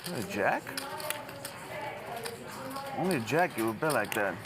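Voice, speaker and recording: Male poker player, mid pitch, chatty self-doubt, loud background noise. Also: big pitch swings, moderate pace. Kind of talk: table talk.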